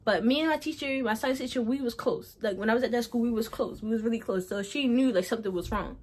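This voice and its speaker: A woman's voice: a little high, quick pace, husky. A young adult woman telling a personal story in a casual vlog, rambling and often repeating herself. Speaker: vlogger.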